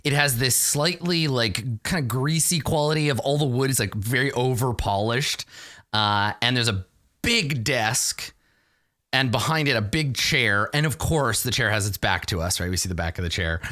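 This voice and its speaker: A man's voice: mid-range voice, moderate pace, sharp tone. A man narrating a tabletop game as game master, describing scenes in a casual, rambling way with many fillers.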